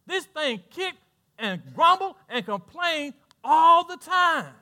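A man's voice: extremely high pitch, expressive, sharp tone. A middle-aged man with a Southern American accent preaching a sermon as pastor, trading lines with imagined churchgoers and laughing along. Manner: preaching with call-and-response asides and laughter; voices imagined congregants in quick back-and-forth.

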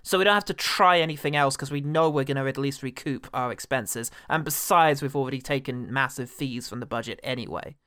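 A man's voice: mid-range voice, a little fast, hardly any pauses, bright, forceful tone, clear, resonant tone. A British man co-hosting a podcast, ranting in an exasperated, sweary way about bad comedy films. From Britain. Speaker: podcast co-host. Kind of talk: casual film-review chat.

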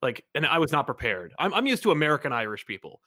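Male host, casual interview, expressive and lively, dry recording. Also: on the high side, quick pace, dry recording. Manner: animated storyteller, restarts often. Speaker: podcast host.

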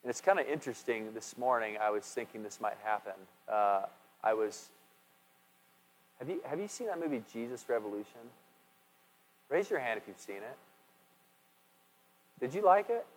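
A man's voice: medium pitch, expressive, normal speed, pauses often. A male pastor giving a conversational sermon, chatty and asking his congregation questions as he goes. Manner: chatty, asks the congregation questions, restarts often. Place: church sanctuary. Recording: echoey hall with long reverb.

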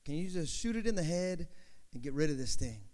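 A man voicing a weary old rancher who speaks low and slow, in a sermon story. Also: expressive, darkish tone, close to an everyday voice. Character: weary old rancher asking a grim favor. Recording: long hall reverb.

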